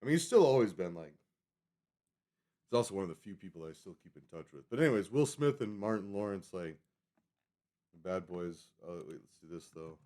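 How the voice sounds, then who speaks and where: Male streamer, 30s, low mellow voice, chatty and digressive, self-correcting, desk mic. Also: big pitch swings, brisk, long pauses. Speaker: live streamer. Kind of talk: rambling casual stream chat.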